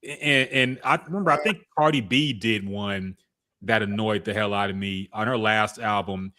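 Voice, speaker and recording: A man co-hosting a podcast, giving relaxed, opinionated takes on music in casual chat and laughing often. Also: fairly low pitch, normal speed. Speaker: podcast co-host.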